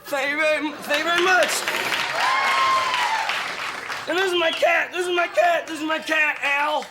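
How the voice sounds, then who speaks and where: A man playing a nervous, awkward amateur comedian who stammers, restarts his sentences and tells flat jokes in a 1980s late-night TV comedy bit. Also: extremely high pitch, brisk, over a noisy crowd. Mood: eager. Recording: old TV studio tape with loud audience laughter and noise.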